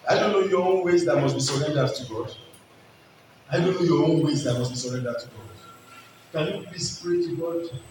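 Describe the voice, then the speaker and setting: A man preaching an altar call, pleading and repeating his exhortations to pray and surrender. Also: on the high side. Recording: very echoey hall, distant mic, noisy.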